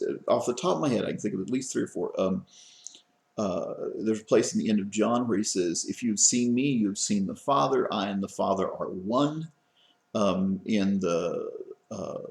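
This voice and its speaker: A man's voice: lowish voice, gravelly, darkish tone, reverberant. A man giving a college lecture in a conversational way, full of fillers and restarts. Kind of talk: classroom lecture. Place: lecture room.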